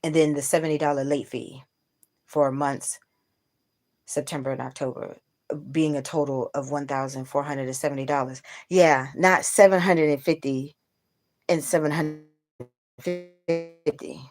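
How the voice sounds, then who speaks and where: A woman's voice: sits low, fairly even intonation, measured pace, long pauses, a little mellow. A woman hosting a casual livestream, venting bluntly to her viewers with plenty of profanity. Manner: talks straight to viewers. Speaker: livestream host.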